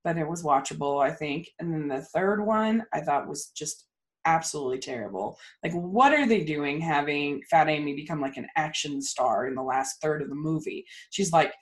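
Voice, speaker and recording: A woman co-hosting a casual movie review chat, ranting in animated, fast bursts. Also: low voice. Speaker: podcast co-host.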